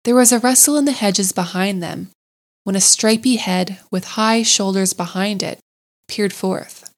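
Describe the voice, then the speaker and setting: A woman narrates a classic storybook in a gentle, measured voice. Her pitch sits in an ordinary middle range, calm and unhurried. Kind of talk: storybook read-aloud.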